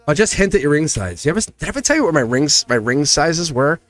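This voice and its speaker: A man hosting a live-streamed tarot reading. He talks straight to his viewers in an animated, chatty way and laughs often. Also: fairly high pitch, fairly quick, no echo.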